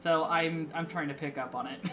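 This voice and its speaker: A young man streaming casually, chatty and eager to explain, laughing often. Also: a little high. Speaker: streamer and artist. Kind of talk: casual live-stream chat. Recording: clear background music.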